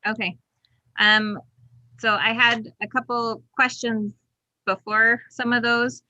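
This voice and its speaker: A woman's voice: a little high, flat delivery, takes it slowly, bright, forceful tone, no echo, lo-fi sound. A woman chairing an online meeting over a video call, explaining procedures step by step in casual talk.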